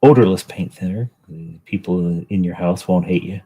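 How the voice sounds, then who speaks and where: A man's voice: deep voice, moderate pace, mellow, breathy edge, rough recording. A middle-aged man hosting a livestream, chatting casually in a rambling, joking way while painting miniatures. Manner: rambling, self-deprecating, joking. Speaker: livestream host.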